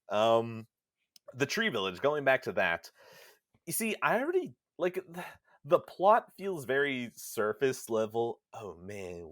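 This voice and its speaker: Animated young man, lively casual chat. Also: mid-range voice, no echo, clean studio sound. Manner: animated, swearing, acts out voices in his stories. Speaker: podcast co-host.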